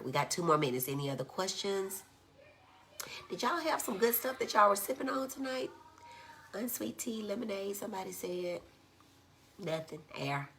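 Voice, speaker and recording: Lady psychiatrist doing a casual live stream, low pitched but bright, reads comments out, lots of y'all. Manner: chatty, reads viewer comments aloud, says y'all often. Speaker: child and adolescent psychiatrist.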